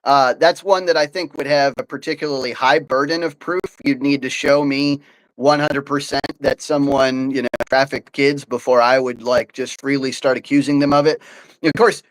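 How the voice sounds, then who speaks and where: A man hosting a live political talk show, speaking in an animated, opinionated way with many fillers and restarts. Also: medium pitch, poor audio. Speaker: podcast host.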